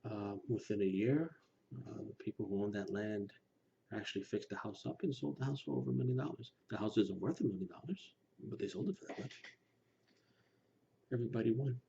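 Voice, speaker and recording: A man speaking earnestly to his listeners, pressing his points and sometimes dropping to a hushed near-whisper. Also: lowish voice, fast talker, vocal fry. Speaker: Lukumi practitioner speaking to his channel. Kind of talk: personal commentary to camera. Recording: slightly dull recording with faint background noise.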